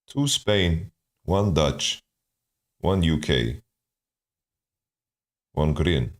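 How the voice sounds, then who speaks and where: In a rumbling low, animated voice, a streamer talks very slowly through his guesses at team rosters based on player nationalities. The commentary is casual, with him thinking aloud and frequently repeating words.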